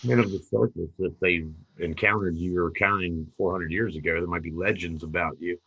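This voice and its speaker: A man playing a tabletop game, asking curious, halting questions. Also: deep voice, steady tone, creaky, a bit bright, husky, dull audio. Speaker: player. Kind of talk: tabletop role-play questioning.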